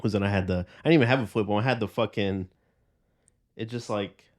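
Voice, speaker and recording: A young man in his twenties chats on a podcast with a slightly low voice. He rambles through his stories in a loose, easygoing way and curses often. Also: fast. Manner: loose storytelling with heavy cursing. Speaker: podcast host. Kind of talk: casual chat.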